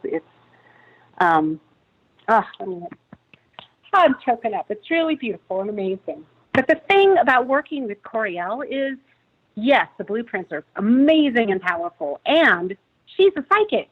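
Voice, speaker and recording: A woman's voice: fairly high pitch, very animated, unhurried, slightly rough, muffled recording. A woman calling in as a friend of the guest, speaking with emotion and pouring out praise. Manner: emotional, gushing, full of praise. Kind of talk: heartfelt testimonial.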